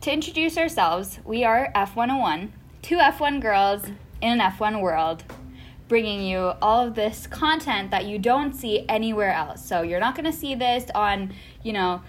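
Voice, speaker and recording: A woman's voice: mid-range voice, expressive, normal speed, a little hiss or hum. A young woman co-hosting a casual podcast chat, playful and chatty, often laughing. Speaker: podcast co-host.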